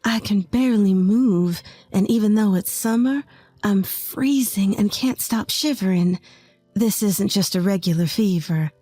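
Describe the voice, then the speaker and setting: A woman's voice: medium pitch, a little slow, dark tone, dry recording, soft background music. A woman in her twenties from rural Texas, telling a first-person story in an earnest, plain way. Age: 20s. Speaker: narrator.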